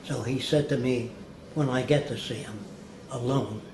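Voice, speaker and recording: A man's voice: medium pitch, normal speed. An older man tells rambling stories in an interview and slips into the voices of people he quotes. His voice carries a roomy echo, and a faint hiss sits underneath. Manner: rambling anecdotal storyteller, acts out quoted people. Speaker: interview guest. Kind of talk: storytelling in an interview.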